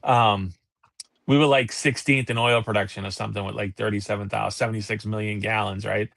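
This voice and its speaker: A man's voice: fairly low pitch, fairly even intonation, brisk, gravelly, fairly bright tone, dry recording. A man hosting a live talk show, ranting in heated, profane casual chat. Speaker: podcast host.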